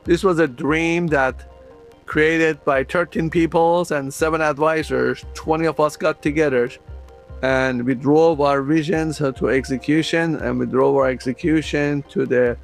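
Man, from the Middle East, middle-aged, gravelly, earnest and halting, faint music behind. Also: on the high side. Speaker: inventor interviewee. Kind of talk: recounted interview.

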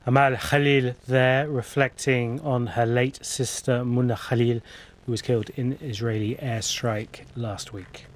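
A man presenting radio news, brisk and friendly as he hands over to guests. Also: mid-range voice, flat delivery.

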